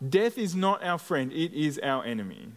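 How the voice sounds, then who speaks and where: A man preaching a sermon as a pastor, earnest and measured, with deliberate pauses. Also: fairly high pitch, very animated, a bit bright. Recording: long hall reverb.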